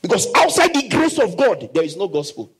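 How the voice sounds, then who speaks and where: Man, pastor, emphatic sermon, high voice, husky tone, wide swings in pitch. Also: very animated, rough recording. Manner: emphatic, drawn-out scripture reading, call and response. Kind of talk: preaching a sermon.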